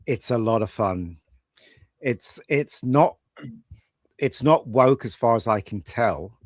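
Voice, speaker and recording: A man co-hosting a casual pub chat, rambling through animated opinions. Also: mid-range voice, slow pace, no room sound, clean studio sound. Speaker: co-host.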